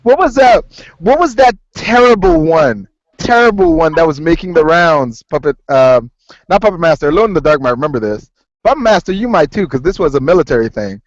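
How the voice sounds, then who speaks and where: A man's voice: on the high side, expressive, fairly quick, no room sound. A man hosting a podcast in casual chat, laughing often and swearing as he tells stories. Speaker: podcast host. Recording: dull lo-fi sound.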